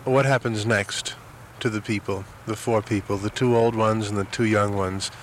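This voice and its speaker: A man calmly asking follow-up questions after hearing a story. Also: lowish voice, moderate pace, slight background noise. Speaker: interviewer.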